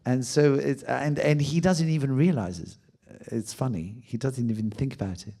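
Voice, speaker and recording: A man from France with a French accent, a native French speaker and actor, answering audience questions in a playful, expressive way. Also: mid-range voice, moderate pace, creaky. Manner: playful, expressive, laughs often. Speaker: guest author and actor. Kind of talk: audience Q&A conversation.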